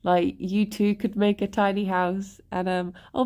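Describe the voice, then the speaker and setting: A woman's voice: medium pitch, level tone, a little slow, hardly any pauses. A woman streaming live, chatting in a rambling way, greeting viewers and laughing often. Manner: talks softly to her rabbits, sometimes whispering. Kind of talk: casual live-stream chat.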